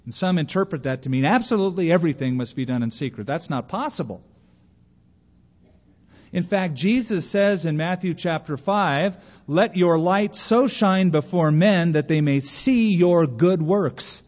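A man preaches a folksy sermon and briefly acts out the people he describes. His voice sits a little high for a man. The sound is muffled and trails off in the long reverb of a church hall. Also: darkish tone. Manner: folksy, plays out quoted voices. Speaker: pastor.

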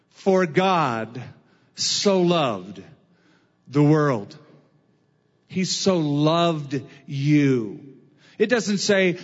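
Male preacher, high voice, deliberate drawn-out sermon delivery. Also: big-room sound, dull audio. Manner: slow, emphatic preaching with drawn-out phrases. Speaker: pastor.

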